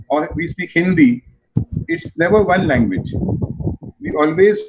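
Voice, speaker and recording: An older man with an Indian English accent, telling stories from his advertising and theatre career in an emphatic, animated way. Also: sits high, creaky. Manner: animated, emphatic, repeats phrases in threes. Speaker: advertising and theatre veteran guest. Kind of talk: reflective storytelling interview answer. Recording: muffled video call audio with noise.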